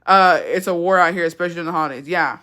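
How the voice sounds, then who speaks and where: A woman's voice: on the low side, very fast, bright, forceful tone. Profane young woman ranting on a livestream. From Texas. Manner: profane, blunt, mixes in Spanish phrases. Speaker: livestream host. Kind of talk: casual livestream chat, storytime. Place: indoors, livestream.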